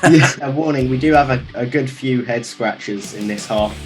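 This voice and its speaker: A man's voice: medium pitch, moderate pace, soft background music. A man hosting a podcast over a video call, chatting casually and joking around. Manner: jokey, laughs often. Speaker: podcast host. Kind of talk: casual chat.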